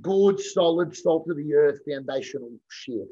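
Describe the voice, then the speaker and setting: A slightly high, husky man tells a story in casual conversation, voicing the people in it and swearing as he goes. The recording sounds dull and lo-fi. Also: measured pace. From Australia. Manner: animated anecdotes with voiced quotes, swearing freely.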